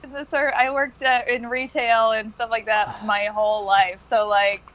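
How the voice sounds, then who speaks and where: A woman's voice: on the high side, level tone, normal speed, a bit bright, rough recording. A woman in casual conversation, playful and teasing, often laughing. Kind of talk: casual chat.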